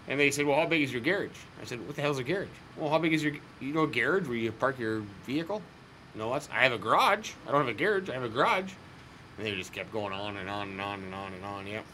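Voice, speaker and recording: A man's voice: mid-range voice, bright, forceful tone, slight background noise. A man chatting casually to viewers while playing a farming game, rambling and cracking jokes. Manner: rambling, joking asides to viewers. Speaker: gaming channel host.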